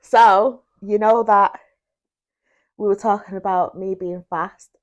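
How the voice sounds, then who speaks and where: A woman's voice: medium pitch, steady tone, slow. A woman with a Manchester accent, co-hosting a podcast in a giggly, playful way as she tells stories. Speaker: podcast co-host. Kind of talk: casual chat.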